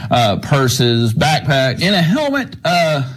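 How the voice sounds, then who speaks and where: A man, an animal services officer, interviewed for the news, speaking haltingly. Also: a little high, huge pitch swings, husky. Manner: halting, with fillers.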